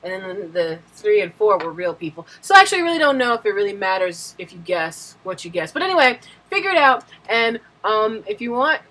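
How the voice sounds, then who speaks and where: A woman host chatting casually and bubbly with viewers. Her voice is bright and animated, with a slightly husky edge. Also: medium pitch, a little fast, hardly any pauses. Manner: bubbly, giggly. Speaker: web show host.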